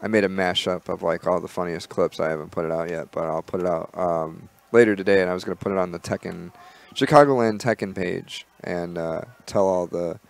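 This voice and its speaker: A man co-hosting a podcast in casual chat, relaxed and rambling, with many fillers and restarts. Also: sits low, a little fast, vocal fry, few pauses. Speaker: podcast co-host.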